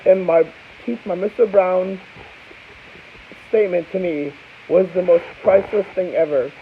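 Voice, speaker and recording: A man's voice: high-pitched, measured pace. A young man from Florida telling a rambling, casual story to camera as a vlogger, full of restarts and asides. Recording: tinny phone-like audio with faint hiss.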